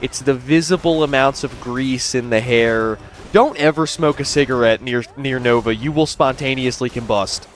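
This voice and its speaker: A man's voice: medium pitch, normal speed. A man narrating a commentary video, explaining at length and sounding incredulous.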